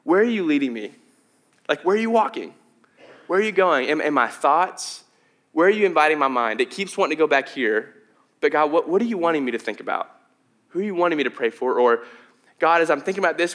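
A man's voice: a little high, lively intonation, a little fast, fairly bright tone. A young adult man preaching a sermon as pastor, in a conversational, earnest way with frequent fillers and restarts. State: out of breath.

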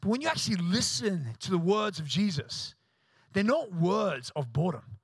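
High-voiced pastor telling a comic story. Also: male voice, normal speed, gravelly, husky, no room sound. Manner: animated, self-mocking storyteller acting out voices.

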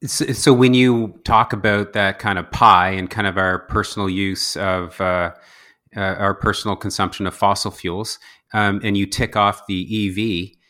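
Low-voiced male interviewer, bright tone. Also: level tone, normal speed. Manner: hesitant, many fillers while framing questions. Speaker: interview host. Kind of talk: conversational interview.

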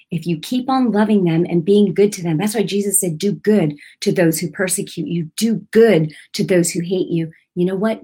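A woman's voice: mid-range voice, darkish tone, husky. A middle-aged woman giving an informal, earnest sermon. She often checks in with her listeners by asking "right?". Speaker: preacher.

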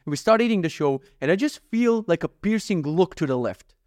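A man's voice: sits high, expressive, brisk, darkish tone, clear, resonant tone, no room sound, clean studio sound. A young man hosting a solo podcast, rambling through jokey, profane stories. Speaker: podcast host. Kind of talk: casual solo podcast monologue.

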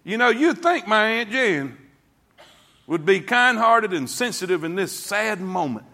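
Forceful pastor preaching. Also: male voice, high-pitched, big pitch swings, measured pace. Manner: folksy storytelling, swings from hushed to shouting. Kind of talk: sermon. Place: church sanctuary before a congregation.

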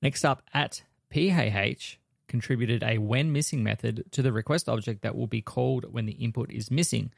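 A man co-hosting a podcast who goes through software changes one by one, steady and explanatory. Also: mid-range voice, moderate pace, gravelly, hardly any pauses, no room sound, clean studio sound. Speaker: podcast co-host. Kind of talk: technical news rundown.

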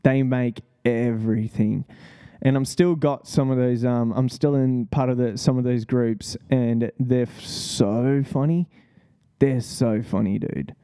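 Slow, mellow-voiced man. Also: medium pitch, fairly even intonation, clean tone. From Australia. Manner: laid-back, profane, rambling with fillers and laughs. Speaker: podcast host. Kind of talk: casual solo podcast talk.

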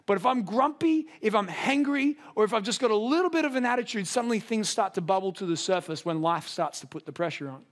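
A man preaching a sermon, building with passion toward emphatic peaks and dropping low for quiet moments. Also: lively intonation, fast, few pauses. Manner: impassioned, rising to a near shout at climaxes. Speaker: pastor.

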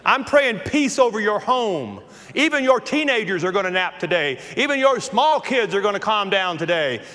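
A man's voice: high voice, very animated, normal speed. Southern preacher man in his fifties. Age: 50s. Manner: swings from hushed to forceful preaching. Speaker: pastor. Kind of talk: sermon. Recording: hall reverb.

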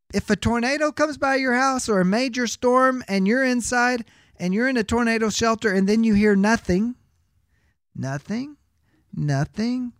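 A man's voice: very high voice, fairly bright tone, no echo, clean studio sound. A man teaching a biblical counseling class, reading scripture aloud and explaining it emphatically with rhetorical questions. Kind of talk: Bible teaching lecture.

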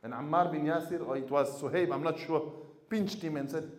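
Animated preaching man, echoey hall. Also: on the high side, a little fast. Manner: storytelling, swings from quiet to loud emphasis. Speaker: imam. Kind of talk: sermon to a congregation.

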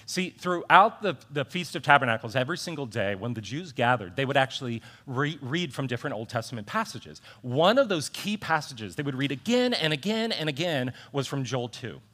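A man preaching a sermon as a pastor, animated and conversational, repeating phrases for emphasis and making asides to his congregation. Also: medium pitch, a little fast, hardly any pauses.

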